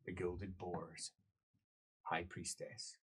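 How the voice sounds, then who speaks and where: A man narrating a tabletop role-playing game as game master, in a slow, theatrical way. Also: sits low, little pitch movement, fairly bright tone, husky.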